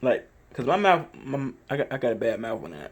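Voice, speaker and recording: A man, casually telling a story in a vlog, animated and emphatic, with lots of cursing and repeated phrases. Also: medium pitch, a little fast, breathy edge. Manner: animated, profane, emphatic retelling; repetitive, conversational phrasing. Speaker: dog owner telling a story.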